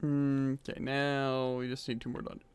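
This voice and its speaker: Hoarse man chatting while gaming. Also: mid-range voice, monotone, moderate pace, darkish tone. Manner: rambling, filler-heavy. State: losing his voice. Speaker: game streamer. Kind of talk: casual gaming chat. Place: hot room at home. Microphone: desk microphone.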